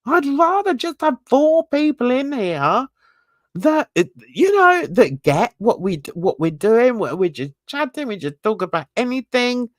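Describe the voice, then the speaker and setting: A livestream host from England chats easily with her viewers, her accent mixing North London with rural Essex. Her voice is on the high side with big pitch swings and a slightly slow pace, warm and chatty and full of British slang and endearments. The recording is dry and studio quality.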